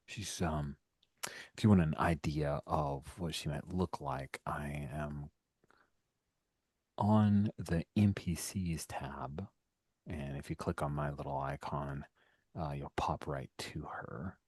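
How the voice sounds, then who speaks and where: A man's voice: rumbling low, steady tone, slow pace, a little mellow, breathy edge, no echo. A man running a tabletop game as game master, narrating a scene loosely, with some whispered asides.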